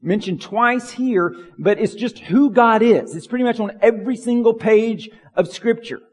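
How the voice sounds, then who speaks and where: A man's voice: high-pitched, normal speed, darkish tone, in a large hall. A man preaching a sermon as pastor, earnest and building in intensity through long lists. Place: church sanctuary.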